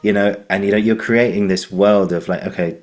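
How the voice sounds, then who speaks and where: A man's voice: low-pitched, fairly even intonation, a little fast, a little mellow. A British man hosting a podcast interview, talking in a rambling way with lots of restarts and "you know". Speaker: podcast host. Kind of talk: casual interview chat.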